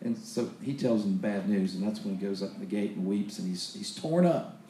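A man's voice: fairly low pitch, moderate pace, warm tone, reverberant, a little hiss or hum. A man preaching a sermon, retelling Bible stories in a loose, conversational way full of restarts and acted-out quotes.

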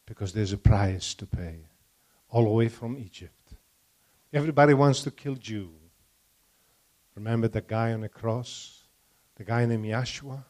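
A man's voice: medium pitch, a little mellow. An older man from Poland with a Polish accent and broken English, giving a testimony to a church audience and stopping to put questions to the listeners.

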